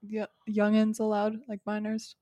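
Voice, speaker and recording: A woman co-hosting a podcast, playful with quick quips. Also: mid-range voice, monotone, dark tone. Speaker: podcast co-host. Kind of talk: casual chat.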